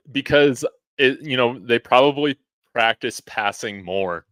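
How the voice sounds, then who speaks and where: A man's voice: medium pitch, fairly bright tone, no echo. A man hosting a casual sports podcast. He is laid-back, chuckles often, and fills his talk with "man" and "you know". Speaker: podcast host.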